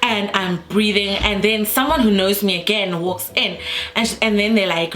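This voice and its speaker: A young South African woman telling a storytime vlog, animated and repetitive, acting out her own panicked lines. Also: mid-range voice, normal speed, roomy sound. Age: young adult. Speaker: YouTuber.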